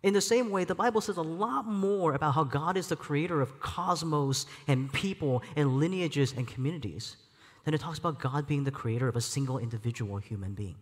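A man's voice: a little high, brisk, in a large hall. A man preaching a sermon as a church elder, reflective and candid, with light self-deprecating laughs. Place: church sanctuary.

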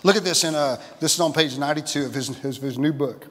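A pastor preaching a sermon in a church, exuberant, laughing and shouting and calling out to the congregation. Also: male voice, a little high, animated, fast talker. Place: church sanctuary. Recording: church hall reverb.

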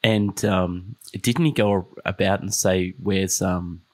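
A man's voice: sits low, steady tone, slow, darkish tone. A man hosting a podcast interview, asking questions with frequent hesitations and restarts. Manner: hesitant, many ums and restarts. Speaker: podcast host. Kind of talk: conversational interview.

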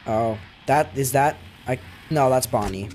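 A man reacting out loud as he plays a horror game, jumpy and foul-mouthed, talking back to the game. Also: mid-range voice, measured pace, a little hiss or hum. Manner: jumpy, swears a lot, talks back to the game. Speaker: gaming video creator. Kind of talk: live reactions while playing a horror game.

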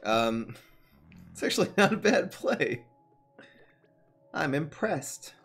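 A young man commentating his own card game on stream, excitable and full of jokes. His pitch jumps around a lot, dropping to muttering and then rising to loud outbursts. Faint game music plays under his voice. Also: measured pace. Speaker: gaming streamer. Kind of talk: live gameplay commentary.

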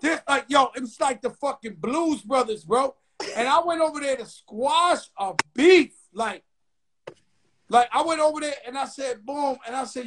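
High-voiced man hosting loose banter. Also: normal speed, fairly bright tone. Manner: loose, laughing, profane banter. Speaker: host. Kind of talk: casual talk show chat.

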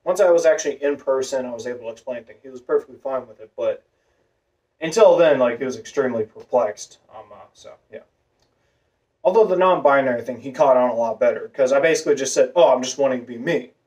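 A vlogger with a masculine voice telling a long personal story in a rambling way, full of fillers and restarts. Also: male voice, medium pitch, quick pace, a little mellow, highs cut off. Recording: voice a bit far from the mic.

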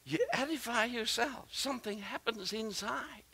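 A man preaching a sermon, emphatic and animated, repeating himself and often restarting phrases as he speaks directly to the congregation. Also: very high voice, vocal fry, husky. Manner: animated and emphatic, with frequent repetition and halting restarts; talks directly to the congregation with asides and questions.

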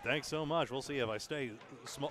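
Male color commentator, mid-pitched and calm, explaining the format over a loud bowling crowd. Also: normal speed. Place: bowling alley.

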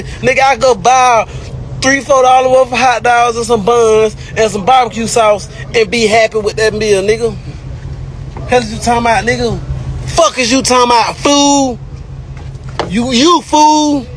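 A man's voice: a bit bright, a little hiss or hum. A man, ranting brashly and repetitively on a livestream. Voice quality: squeaky. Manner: brash, repetitive, profane, taunting. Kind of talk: boastful livestream rant.

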